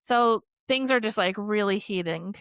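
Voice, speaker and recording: A woman's voice: medium pitch, a little slow, fairly bright tone, clear, resonant tone, dry recording. Woman podcast host, rambly and candid, says like a lot, cusses, mid voice, dry close mic. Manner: rambling, heavy use of "like", swears freely. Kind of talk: candid personal storytelling.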